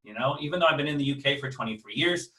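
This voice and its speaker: An American man gives a casual online lecture in a mid-pitched voice, stopping on ums and restarts and asking his listeners questions. He sits a little back from the mic, and the room adds a noticeable echo. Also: very fast, bright, forceful tone, recorded from a distance. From United States. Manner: conversational, many fillers and restarts, asks the audience. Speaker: webinar lecturer. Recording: roomy sound, voice a bit off-mic.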